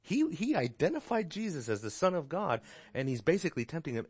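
A man's voice: on the high side, sing-song, brisk, hardly any pauses, husky, no room sound. A man teaching a casual Bible class, talking conversationally and checking in with "right?" as he goes. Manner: conversational, tags points with "right?".

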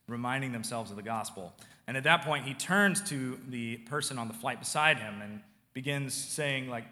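Pastor, male; casual sermon delivery that drops from loud to near-quiet; bright tone, reverberant hall. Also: medium pitch, moderate pace. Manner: conversational preaching, swings from loud to hushed.

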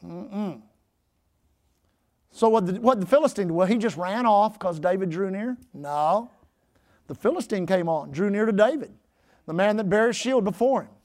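A male pastor preaching an emphatic sermon, often shouting his exhortations. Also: high-pitched, expressive, normal speed, long pauses.

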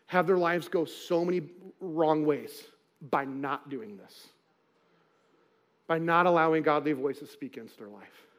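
High-voiced earnest male pastor. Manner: conversational, earnest, with quoted asides. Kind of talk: sermon.

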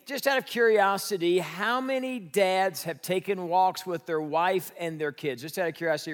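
Man, middle-aged pastor, high tenor voice, lively storytelling sermon, reverberant church hall. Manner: storytelling, animated, shouts in retellings. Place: church sanctuary.

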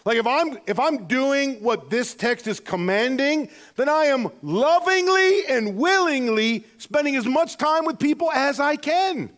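A man with a notably high voice preaches a sermon as a pastor. He speaks earnestly, sliding between soft, reflective stretches and emphatic, rising exhortations, and often restarts his phrases as he talks. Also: animated, a little slow, hardly any pauses.

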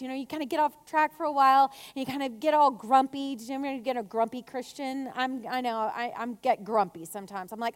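Lively high-voiced woman, echoing hall. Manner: chatty, animated storytelling with acted asides. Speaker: speaker at a women's church gathering. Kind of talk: casual faith talk. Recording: long hall reverb.

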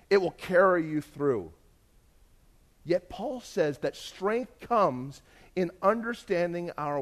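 A man preaching a sermon, telling a story and swinging between hushed, intimate moments and loud, emphatic lists. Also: on the high side. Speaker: pastor.

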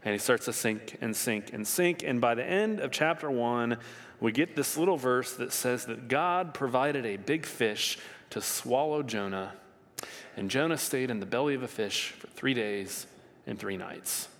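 Storytelling pastor in an echoing hall. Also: male voice, a little slow. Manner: lively storytelling with wide pitch swings. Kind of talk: sermon. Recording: long reverb of a hall.

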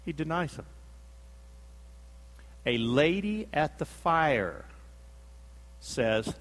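A man's voice: medium pitch, animated, slow, pauses often, a bit bright, long reverb tail. A man preaching a sermon, telling the story dramatically, acting out the quotes and repeating himself for emphasis.

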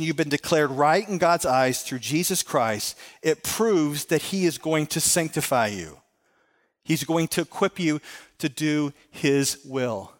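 A middle-aged man giving an earnest sermon as a pastor, telling stories and repeating phrases. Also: on the high side. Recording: long hall reverb.

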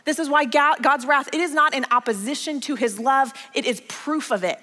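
A woman pastor preaching a conversational sermon with a bright, fairly high voice. She tells stories and repeats key lines for emphasis. The sound rings out in a long reverb. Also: normal speed. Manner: storytelling, emphatic repetition.

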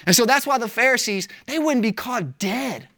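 A pastor preaches with lively, emphatic energy. The talk stays casual and slangy, and the pitch swings up high to stress key words. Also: normal speed. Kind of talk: sermon.

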